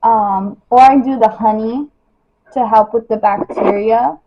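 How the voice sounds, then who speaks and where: A woman's voice: a little high, fairly even intonation, a little slow, dull audio, noisy background. A young woman chatting casually on a livestream about her skin, talking loosely with lots of "like" and "you know". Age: young adult. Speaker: model livestreaming her skincare routine. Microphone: phone.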